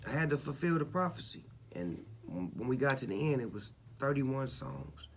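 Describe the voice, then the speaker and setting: Gravelly laid-back man in an interview. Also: medium pitch, big pitch swings, moderate pace, slight background noise. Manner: laid-back, reflective, keeps saying "you know what I'm saying". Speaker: interviewed rapper. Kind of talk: candid interview talk.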